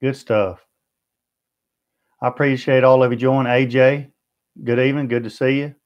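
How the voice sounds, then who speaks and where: A man's voice: medium pitch, little pitch movement, normal speed, dull audio. A man with a Southern US accent hosting a barbecue livestream, chatting in a friendly way and answering viewer comments one by one. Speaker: BBQ channel host. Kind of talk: livestream chat.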